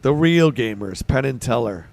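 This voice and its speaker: A man's voice: medium pitch, animated, moderate pace, vocal fry, darkish tone. A man from Canada with a Canadian accent, hosting a livestream and chatting casually while reading and answering his chat. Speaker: streamer host.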